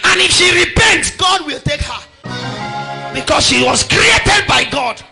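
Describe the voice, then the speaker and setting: A man preaching a sermon in a sing-song cadence, shifting between shouting and quiet, hushed passages. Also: very high-pitched, animated, unhurried, vocal fry, over music. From Nigeria. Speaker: pastor.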